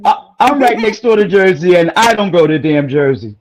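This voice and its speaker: A woman guest in a casual chat, telling a personal story in an animated, rambling way with frequent exclamations. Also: on the low side, normal speed, low-quality recording.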